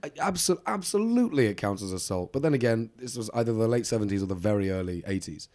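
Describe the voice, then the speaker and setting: A man's voice: lowish voice, animated, quick pace, a little mellow. A man co-hosting a podcast, telling a true-crime story casually with lots of ums and side remarks. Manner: rambling, lots of ums, laughs along. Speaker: podcast co-host.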